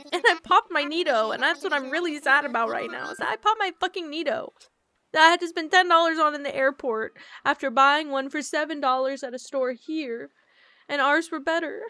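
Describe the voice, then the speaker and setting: Streamer, woman, slightly high voice, teary and self-mocking, casual rambling chat, faint game music underneath. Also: a bit bright. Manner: rambling, self-deprecating, quick to laugh. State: teary, emotional.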